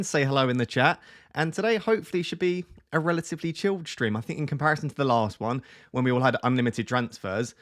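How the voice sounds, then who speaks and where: A man hosting a casual live stream, chatting and greeting his viewers by name from a small home room. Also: mid-range voice. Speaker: fantasy football streamer. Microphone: webcam close on face.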